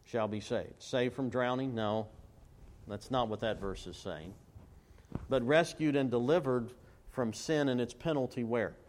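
A man's voice: medium pitch, darkish tone. Man preaching with call-and-response questions. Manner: quotes scripture and recites hymn lyrics slowly. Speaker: pastor. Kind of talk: sermon.

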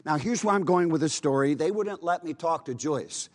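A man's voice: a little high, normal speed. A man preaching, telling a dramatic personal testimony in an earnest voice. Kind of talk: sermon testimony.

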